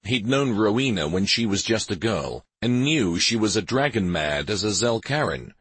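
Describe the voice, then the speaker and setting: Low, husky male audiobook narrator. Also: very animated, normal speed, fairly bright tone, dry recording. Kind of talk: scripted narration.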